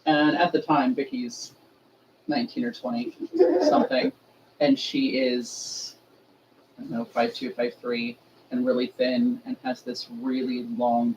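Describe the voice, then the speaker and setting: This ritual leader has a very deep voice and shares stories in a relaxed way during a remembrance ceremony. She laughs a lot and animatedly performs the quoted voices of the people she describes, though the recording is muffled, far off and slightly noisy.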